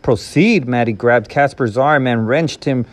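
Steady male storybook reader. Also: mid-range voice, normal speed. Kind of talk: reading a novel aloud.

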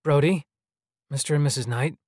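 A flustered teenage boy, awkward and hesitant, stammering under pressure, put on by a man. He sits noticeably higher than the storyteller's own voice, in a dry, close sound. Cornered but loyal, he fumbles his words. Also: normal speed, darkish tone, no room sound, lightly acted. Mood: defensive.

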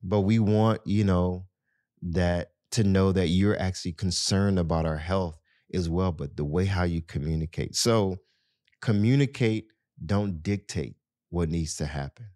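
A man's voice: low voice, unhurried, dark tone, no room sound, clean studio sound. A man hosting a podcast, talking casually and earnestly to his listeners with lots of "you know". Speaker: podcast host. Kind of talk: casual advice talk to listeners.

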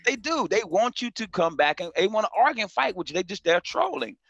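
A middle-aged man, a comedian from North Carolina, telling a story in a casual interview in an animated, slangy way and acting out the other voices. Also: high voice, fairly quick, vocal fry, no echo, dull audio. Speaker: comedian guest.

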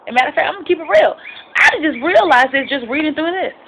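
A woman's voice: sits high, expressive, quick pace, background noise. A young adult woman giving an informal, impassioned devotional talk and personal testimony. She speaks expressively, rambles with restarts and drops in frequent amens. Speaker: Christian vlogger sharing a devotional.

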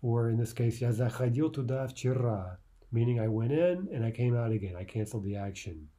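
A man teaching a language lesson in a conversational way, often checking in with "right?" and reading example phrases slowly and carefully. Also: medium pitch, warm tone. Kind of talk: explaining a grammar lesson.

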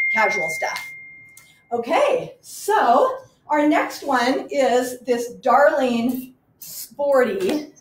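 Gushing high-voiced woman showing clothes. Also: fairly bright tone, slight background noise. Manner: gushing, enthusiastic, chatty. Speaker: boutique owner presenting clothes. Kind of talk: live online clothing showcase. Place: small home boutique in a garage. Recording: echoey room.

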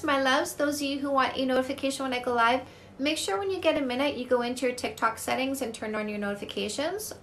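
A woman's voice: sits high, a bit bright, slight background noise. A woman from Canada, a dating coach, answering viewer comments on a live stream in a blunt, upbeat way and swearing casually.

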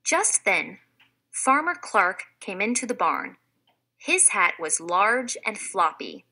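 A woman reading a children's storybook aloud in a clear, expressive way, like a teacher. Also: mid-range voice, slow.

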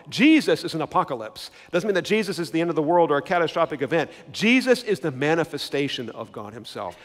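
A man's voice: a little high, lively intonation, fast, few pauses, big-room sound. A male pastor preaching an emphatic sermon, repeating key words and putting questions to the congregation.

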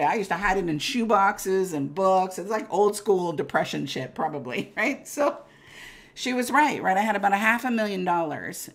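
Low-voiced, frank woman. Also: fairly bright tone, slight background noise. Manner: emphatic, frank, swears casually, laughs often. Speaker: interview guest. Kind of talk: candid conversational storytelling.

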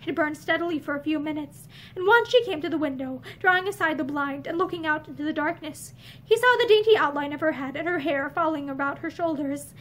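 A woman reads a novel aloud with an expressive, earnest delivery. Her voice is very high. She sits facing the camera in an indoor room lined with bookshelves. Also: fairly quick, slight background noise. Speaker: audiobook reader.

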